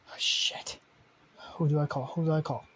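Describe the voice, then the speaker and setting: A brash young male superhero who swears at every turn, his husky, mellow voice often sinking to a near-whisper, as a man telling the story puts him on. He sounds rough rather than polished, with a slightly raised pitch for a man. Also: fairly even intonation, quick pace. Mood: hushed. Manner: swears constantly, often hushed and breathy. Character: young male superhero, blunt and foul-mouthed.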